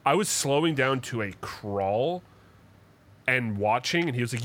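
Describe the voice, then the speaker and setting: A man's voice: mid-range voice, animated, measured pace, a bit bright. A man co-hosting a podcast, telling stories in casual chat with heated, profane rants. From Canada. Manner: profane, heated ranting storyteller. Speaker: podcast co-host.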